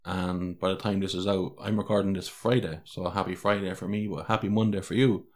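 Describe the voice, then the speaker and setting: A man with an Irish accent and a very low, deep voice hosts a solo podcast. He talks candidly and in a rambling way, restarting his sentences and swearing freely as he goes. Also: level tone, a little fast, darkish tone. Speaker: podcast host.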